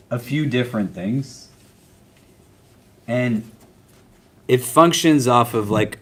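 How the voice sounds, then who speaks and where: A man teaching a class on prayer in a casual, conversational way, often checking in with his students. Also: on the low side.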